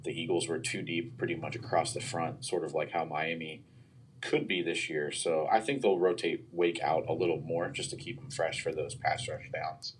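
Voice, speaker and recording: A man's voice: extremely low pitch, steady tone, moderate pace, a little hiss or hum. A man giving football analysis on a podcast, talking casually with lots of hesitations. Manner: hesitant, many fillers and restarts. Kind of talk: casual sports podcast chat.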